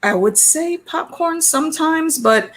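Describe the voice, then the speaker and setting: A woman's voice: sits high, expressive, a little slow, a bit bright. An American woman guest on a livestream, talking in an easygoing way with hesitations. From United States. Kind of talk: casual livestream chat.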